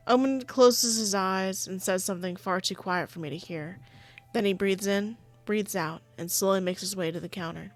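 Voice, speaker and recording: A woman's voice: medium pitch, moderate pace, soft background music. A woman playing a visual novel, reading its narration aloud in a chatty, giggly way with casual asides. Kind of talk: reading game narration with live commentary.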